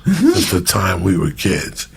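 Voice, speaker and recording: A man in his fifties, born in Cuba, hosting a casual podcast and telling profane stories in an animated way, imitating the people in them. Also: sits low, slow pace, vocal fry, breathy edge. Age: 50s. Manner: profane, animated storyteller who mimics people. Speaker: podcast host. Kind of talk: casual storytelling chat.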